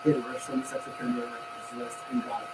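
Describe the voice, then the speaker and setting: A man hosting a casual podcast chat, rambling and complaining with animated energy. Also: mid-range voice, quick pace. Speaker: podcast host. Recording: echoey room, far from mic, noisy.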